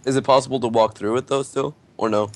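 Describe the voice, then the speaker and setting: A man's voice: mid-range voice, fairly even intonation, fast talker, a little mellow. Hesitant man playing a thief. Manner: hesitant, restarts often. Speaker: player. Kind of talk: casual chat in a tabletop game.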